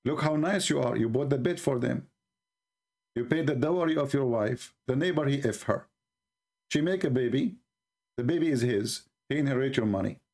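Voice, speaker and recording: A man's voice: mid-range voice, normal speed, darkish tone. A man hosting a live-stream religious debate show, mocking and combative, chuckling at his own jokes and speaking English with non-native grammar.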